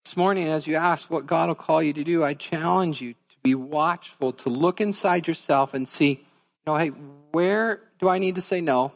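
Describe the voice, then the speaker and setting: A fairly high-voiced man preaching as pastor, earnest and conversational as he speaks straight to the congregation. His voice carries a long reverb from a church sanctuary. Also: moderate pace, gravelly. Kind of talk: sermon.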